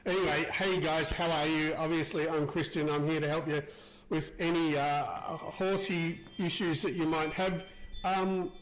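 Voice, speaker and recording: A man's voice: on the high side, steady tone, measured pace, a bit bright, a little hiss or hum, poor audio. Chatty man hosting a live stream. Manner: chatty, greets viewers by name, laughs easily. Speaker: livestream host, equine soft tissue therapist. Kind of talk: casual live-stream chat with viewers.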